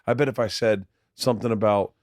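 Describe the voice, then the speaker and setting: A middle-aged man with a fairly low voice tells a story in a loose, rambling way, stumbling and repeating words as he builds up to the point. The sound is dry and close, with no room echo. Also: fairly even intonation, fast, darkish tone. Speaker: podcast guest, husband. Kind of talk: casual storytelling. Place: home, late night.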